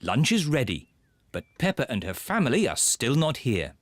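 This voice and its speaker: A cartoon narrator, telling the story in a calm, gently wry way. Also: mid-range voice, moderate pace, dry recording.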